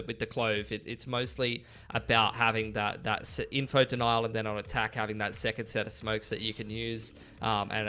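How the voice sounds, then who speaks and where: Man, esports caster, bright tone, rambling, filler-heavy. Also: on the low side, smooth. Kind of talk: pre-match commentary.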